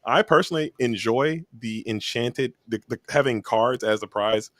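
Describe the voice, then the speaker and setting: A man's voice: mid-range voice, normal speed, a bit bright, no room sound, clean studio sound. A man casting a card game stream, talking with enthusiastic hype. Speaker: stream caster. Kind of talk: casual commentary.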